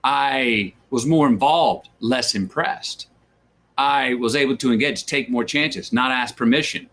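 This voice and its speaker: A man's voice: medium pitch, a little slow. A man as an interview guest, talking casually and acting out quoted voices as he tells stories. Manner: animated storyteller who acts out quoted voices. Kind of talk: casual conversation.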